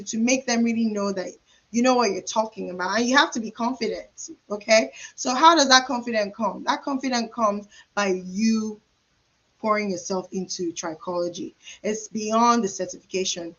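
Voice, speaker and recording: A woman's voice: a little high, moderate pace, fairly bright tone, lo-fi sound. Emphatic woman coaching in a webinar. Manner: conversational, emphatic repetition, acts out client dialogue. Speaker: trichologist and career coach. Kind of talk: live webinar teaching. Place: private hair practice suite.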